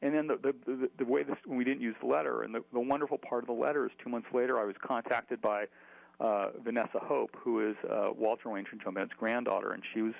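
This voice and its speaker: Gravelly-voiced man telling stories. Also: mid-range voice, fairly even intonation, quick pace, narrow, tinny audio. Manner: chatty, many fillers and restarts. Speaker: author. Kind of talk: storytelling in an interview.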